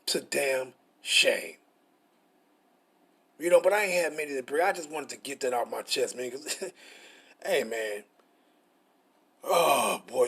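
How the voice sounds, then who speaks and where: A man's voice: mid-range voice, very animated, slow, pauses often, a bit bright, husky. A middle-aged man, teaching scripture in a frustrated, profane, repetitive way. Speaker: preacher.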